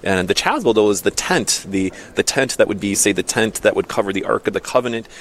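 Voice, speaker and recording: Earnest low-voiced priest. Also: male voice, fast talker. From northern Iowa. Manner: earnest, stammers and repeats words. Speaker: priest guest. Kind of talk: conversational radio talk. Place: radio studio.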